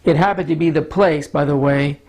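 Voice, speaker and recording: A pastor giving a Bible teaching sermon, hoarse from allergies, with a scratchy voice, clearing his throat and stumbling over names now and then. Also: fairly high pitch, steady tone, a little mellow. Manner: measured Bible teaching with frequent small stumbles.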